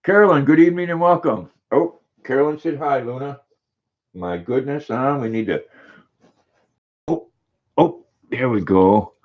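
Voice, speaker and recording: A man's voice: mid-range voice, measured pace, long pauses, phone-quality sound. An older man hosting a casual livestream, reading viewers' comments aloud and greeting each of them by name in an easygoing way. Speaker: livestream host.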